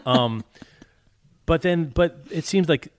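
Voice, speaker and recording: A man's voice: mid-range voice, animated, fairly quick, no room sound. Man, casual book chat, wry, restarts a lot, dry close sound. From not from the US South. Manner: chatty, wry, many fillers and restarts. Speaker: podcast co-host.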